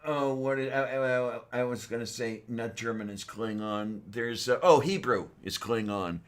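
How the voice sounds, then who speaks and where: A man's voice: medium pitch, normal speed. A man co-hosting a casual chat, rambling and hesitant, with many ums. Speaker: podcast co-host.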